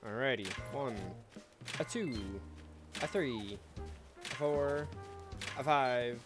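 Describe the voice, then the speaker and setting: A man's voice: medium pitch, very slow, pauses often, music in the background. Laid-back swearing man narrating gameplay. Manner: laid-back, swears freely, chatty asides to viewers. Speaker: let's play host. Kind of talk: casual gameplay commentary.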